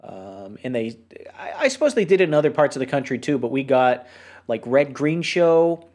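Animated rambling podcast host man. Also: mid-range voice, moderate pace. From New Hampshire, USA. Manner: rambling and animated, lots of fillers. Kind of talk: casual chat.

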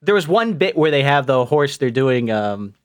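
A man's voice: medium pitch, very animated, normal speed. A man hosting a podcast in casual, rambling chat, joking and laughing often. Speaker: podcast host.

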